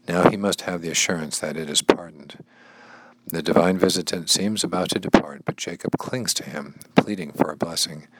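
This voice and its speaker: A man's voice: very deep voice, noisy background. A man reading a devotional passage aloud, then paraphrasing it casually and repeating phrases, sometimes dropping into a whisper. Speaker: bible study teacher and language learner.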